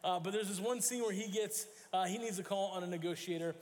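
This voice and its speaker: A man with a high voice preaches a sermon in a church sanctuary, and the words ring with a long reverb. He tells stories as he goes, acting out quoted voices and sometimes stopping to correct himself. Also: fast. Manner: storytelling with acted quotes and self-corrections. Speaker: pastor.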